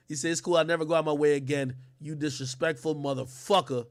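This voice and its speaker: A man co-hosting a livestream who reads text messages aloud and reacts loudly, using heavy slang and cursing. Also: on the high side, fairly even intonation, moderate pace, long pauses, no echo, clean studio sound. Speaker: livestream co-host. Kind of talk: casual livestream commentary, reading texts aloud.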